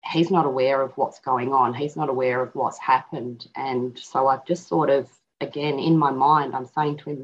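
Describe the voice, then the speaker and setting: A middle-aged woman telling a personal story as an interview guest, halting and reflective, with frequent restarts. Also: rumbling low, steady tone, a little hiss or hum. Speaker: guest and author. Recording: dull lo-fi audio.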